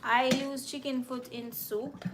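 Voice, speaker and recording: A woman's voice: sits high, flat delivery, measured pace, heavy background noise. A young Jamaican woman with a Jamaican accent, chatting with viewers on a cooking livestream and answering their comments. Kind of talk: casual live-stream chat while cooking.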